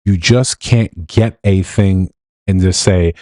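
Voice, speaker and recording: A man giving blunt, animated livestream commentary, often mimicking other people in quotes. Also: low voice, slow pace, dry recording. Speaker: streamer and commentator.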